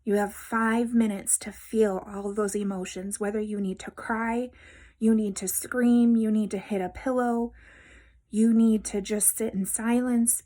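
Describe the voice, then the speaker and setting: Woman vlogger, heartfelt and reassuring, speaking softly to camera with hushed moments. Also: mid-range voice. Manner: gentle, reassuring, speaks directly to viewers. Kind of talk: heartfelt personal vlog talk.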